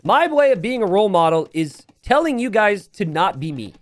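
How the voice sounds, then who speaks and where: Animated man casting a game live. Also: sits high, moderate pace, dry recording. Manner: rambling, self-deprecating, joking asides. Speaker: game caster and streamer. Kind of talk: live game commentary mixed with casual chat. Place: home streaming setup.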